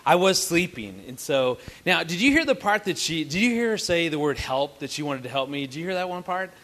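A man's voice: fairly high pitch, sing-song, brisk, fairly bright tone. A man telling a funny story to an audience at a family camp, playful and teasing. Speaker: married couple's co-speaker at a family camp.

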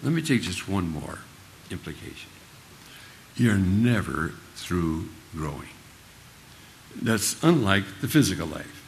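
A man's voice: low-pitched, very animated, takes it slowly, gravelly, pauses often, a little hiss or hum. An older man preaching a sermon in a folksy, humorous storytelling manner.

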